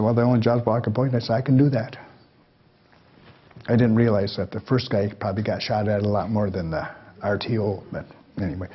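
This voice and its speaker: A man's voice: mid-range voice, breathy edge, highs cut off. A man in his sixties telling folksy personal stories to a live audience, acting out the voices of the people in them. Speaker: guest speaker. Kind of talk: storytelling talk to a live audience.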